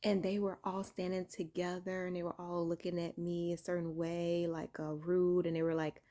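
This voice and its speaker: A woman casually telling a personal spiritual story indoors, keeping her voice low and soft so she doesn't wake her sleeping son. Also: little pitch movement, moderate pace. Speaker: vlogger sharing a spiritual testimony. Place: indoor room at home.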